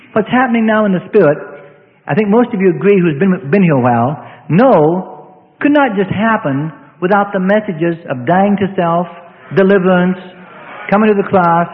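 A middle-aged male pastor preaching a sermon with fervent emphasis and sudden acted asides. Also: sits high. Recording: tinny lo-fi recording in a reverberant hall.

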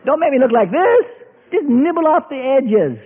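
A preacher acting out a fretful believer, his voice climbing very high and swinging wildly as he begs and complains. The sound is thin and phone-like, echoing in a big hall. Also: very animated, moderate pace, slight background noise. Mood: crying. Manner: pleading, high and anxious. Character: whining impatient believer man under trial. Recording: tinny, echoey hall recording.

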